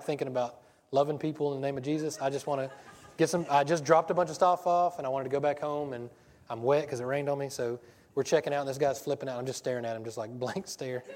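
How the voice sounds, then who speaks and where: Fast-talking preacher in a hall. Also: male voice, mid-range voice. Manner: rambling, self-interrupting storyteller. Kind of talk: casual sermon. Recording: long hall reverb.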